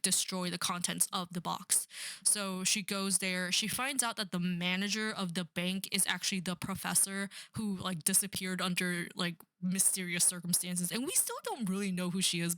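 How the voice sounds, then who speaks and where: A woman's voice: on the low side, pushed and bright, dry recording, studio quality. A young woman rambling sarcastically through a book review, full of "like" and "um". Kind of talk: casual rant about a book.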